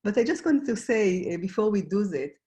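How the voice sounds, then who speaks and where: A woman who grew up in Israel, gently guiding a reflection exercise in an online workshop, with frequent pauses and fillers. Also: medium pitch, animated. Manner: gentle, hesitant, many fillers. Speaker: workshop facilitator.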